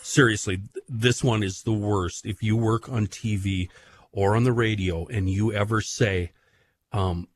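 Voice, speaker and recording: A man's voice: on the low side, fairly even intonation, unhurried, slight background noise. A man hosting a radio talk show, griping about pet peeves with mock outrage. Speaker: radio host. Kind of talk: casual radio chat.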